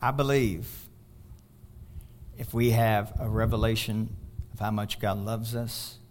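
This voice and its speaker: A male pastor preaching a sermon, swinging from loud exhortation to hushed asides. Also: fairly low pitch, steady tone, slow pace, slight background noise.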